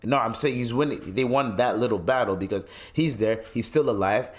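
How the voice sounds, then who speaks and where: A man's voice: mid-range voice, fairly quick. Profane man ranting on his podcast. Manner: profane, swearing freely; loose and rambling, with many restarts. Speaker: podcast host. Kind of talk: solo podcast rant.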